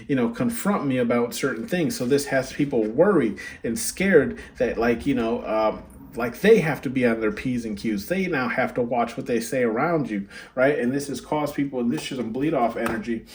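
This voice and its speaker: A man in his younger years talks through a card reading in an easygoing, rambling way. His voice sits at an ordinary middle pitch. He keeps tagging his sentences with "right?" and "okay?" as he goes. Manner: chatty, frequent "right?" and "okay?" check-ins. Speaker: tarot card reader. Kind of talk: casual spoken card reading.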